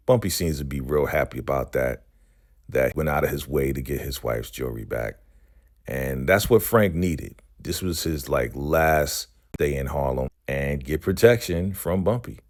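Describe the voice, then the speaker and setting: A man's voice: very deep voice, expressive, normal speed. A man casually recapping a TV episode in loose, slangy talk, tagging lines with "right?" and "you know".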